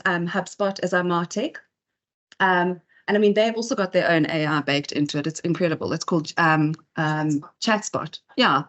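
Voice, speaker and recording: A woman's voice: medium pitch, fairly bright tone. A woman speaker giving a chatty talk at an in-person event, full of fillers and asides. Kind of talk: conference talk.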